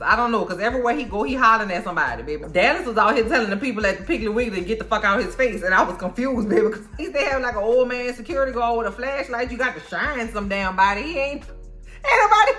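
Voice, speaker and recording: Sassy, bright-voiced woman. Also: mid-range voice. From American South. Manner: sassy, slangy and animated, with frequent asides. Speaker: movie reviewer. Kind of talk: casual movie recap.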